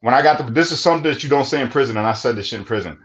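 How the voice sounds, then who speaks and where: A man's voice: medium pitch, lively intonation, very fast. Give me a plain-spoken man telling stories bluntly, on a dull recording. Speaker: podcast co-host. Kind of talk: casual storytelling. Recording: dull lo-fi sound.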